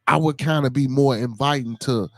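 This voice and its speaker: Deliberate Chicago man hosting a podcast. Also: mid-range voice, no echo. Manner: deliberate, repeats words, calls people man and brother. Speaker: podcast host. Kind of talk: casual call-in discussion.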